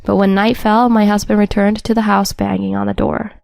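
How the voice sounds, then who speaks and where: A woman's voice: medium pitch, level tone, brisk, creaky, a little mellow, dry recording, faint music behind. A woman narrating a first-person story in a wry, matter-of-fact scripted read.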